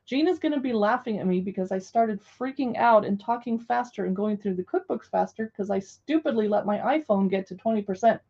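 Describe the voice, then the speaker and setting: A woman's voice: mid-range voice, a little fast, few pauses, mellow, breathy edge, highs cut off. A young woman hosting a casual live stream from home, chatting and reading recipe titles aloud to viewers. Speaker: live stream host reviewing cookbooks.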